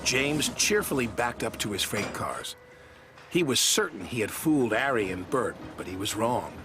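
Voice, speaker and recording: A man narrating a children's story in an expressive way. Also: medium pitch, normal speed. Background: music.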